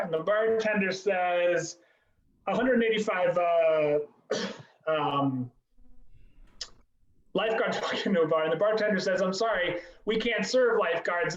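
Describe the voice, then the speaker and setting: A man's voice: sits high, normal speed, reverberant, muffled recording. A man hosting an online improv comedy show, loose and rambling, often laughing. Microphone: video call.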